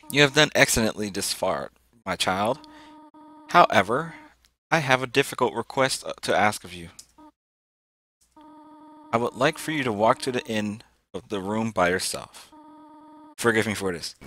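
A young man playing a video game, reading its text aloud and reacting with excitable yelps and panicked shouts. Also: lowish voice, unhurried, long pauses, faint music behind. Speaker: let's play gamer.

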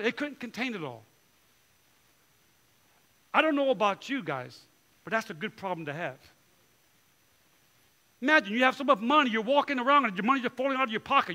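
A male pastor delivering a sermon with a high, bright voice. He preaches in an animated way, jumping into short impressions of churchgoers and quoting scripture with emphasis. His tone stays forceful and clear as he drives each point home. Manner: animated preaching, acting out voices of people and God.

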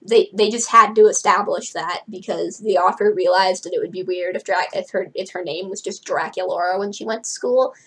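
A woman's voice: mid-range voice, fairly quick, few pauses, fairly bright tone, breathy edge, low-quality recording. A teenage girl reading a novel aloud, breaking off for chatty, wry asides. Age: late teens. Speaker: book reader.

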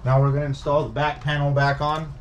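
A man's voice: on the high side, little pitch movement, a little fast, slight background noise. A man walking viewers through a hardware repair step by step, in a casual, instructive way that stresses the warnings. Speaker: repair technician.

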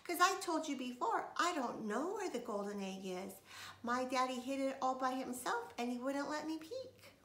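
Woman doing a spoiled rich little girl, bragging, high and loud, storybook, echoey room. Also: big pitch swings, normal speed, full character voice. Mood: pleading. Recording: echoey room, faint noise.

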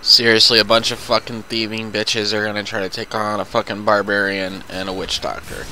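A man's voice: fairly low pitch, little pitch movement, brisk, bright, forceful tone, a little hiss or hum, poor audio. A man chatting casually and profanely while playing a video game with a friend. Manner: profane, loose and talkative. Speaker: gaming commentator. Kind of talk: casual gameplay chat.

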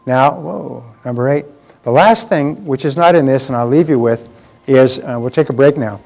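A man's voice: medium pitch, normal speed, creaky, a little mellow. A man giving a live motivational seminar talk, emphatic and repeating key phrases for effect.

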